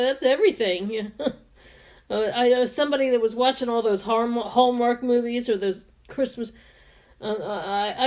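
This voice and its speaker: A woman in her fifties chatting casually and laughing often while she does her makeup on camera. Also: a little high. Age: 50s. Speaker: beauty vlogger and sales representative.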